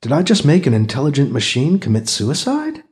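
A man as a musing male space pilot, lively pitch. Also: fairly quick. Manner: musing inner monologue.

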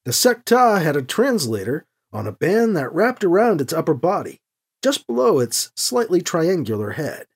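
Gravelly, expressive male storyteller. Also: a little high. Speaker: host and writer. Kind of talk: audiobook narration.

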